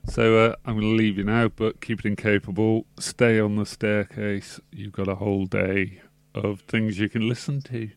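A low, gravelly-voiced man, chatting loosely as a radio DJ and trailing off into ums and uhs. The sound is close and dry, with no room around it. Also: flat delivery, moderate pace, no room sound. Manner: rambling, laid-back, full of fillers. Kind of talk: casual radio sign-off chat. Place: radio studio.

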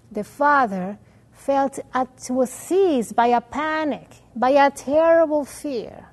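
A woman teaching religion through an animated story, with Hebrew terms woven in. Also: high-pitched, slow. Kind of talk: storytelling lesson.

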